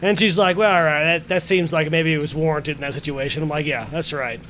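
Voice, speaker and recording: Rambling, swearing podcast co-host. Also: male voice, on the high side, fairly even intonation, fast talker, fairly bright tone, slight background noise. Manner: rambling, swears, frequent fillers. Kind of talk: casual chat.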